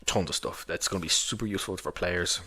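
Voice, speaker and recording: A man's voice: sits low, fast, pushed and bright, breathy edge. A man who runs tabletop games, chatting casually and loosely about books he recommends, with lots of fillers. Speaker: tabletop game master reviewing books. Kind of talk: casual rambling book review.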